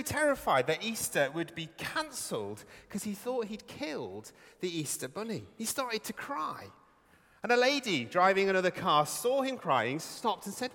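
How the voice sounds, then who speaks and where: A vicar giving a conversational Easter sermon in a church, with some hesitant fillers. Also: male voice, high-pitched, sing-song, normal speed, bright, forceful tone. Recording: long church reverb.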